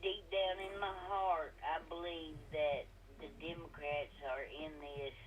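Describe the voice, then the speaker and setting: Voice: mid-range voice, fairly even intonation, unhurried, highs cut off. A co-host on a casual live-stream podcast who speaks in a plain, folksy way, with mild curses.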